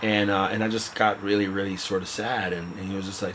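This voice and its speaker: A man earnestly recounting a personal story in a halting way, his voice often trailing off quietly. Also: sits low, level tone, slight background noise, poor audio. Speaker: interviewee telling a personal story. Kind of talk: candid personal account.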